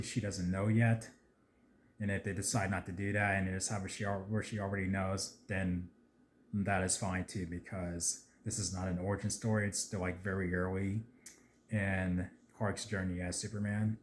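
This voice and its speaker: A man chatting casually about a movie trailer, rambling with lots of fillers and getting excitable at times. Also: low-pitched, slight background noise. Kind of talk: casual video commentary.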